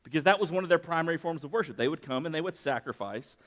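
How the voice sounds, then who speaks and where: Moving at a quick pace in a high-leaning, animated voice, a pastor mixes scripture with personal stories in his sermon. He preaches conversationally and lifts his voice for emphasis.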